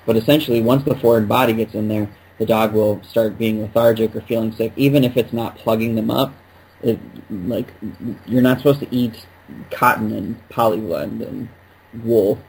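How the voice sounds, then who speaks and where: A man's voice: lowish voice, steady tone, moderate pace, gravelly, darkish tone, slightly rough, poor audio. A man co-hosting a podcast, chatting casually in a jokey, rambling way. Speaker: podcast co-host. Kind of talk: casual chat.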